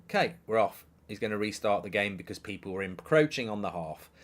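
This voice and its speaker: A man's voice: fairly low pitch, lively intonation, fairly quick. A middle-aged man, hosting a live football watchalong, rambling, swearing and reading out viewer messages. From England. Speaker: host.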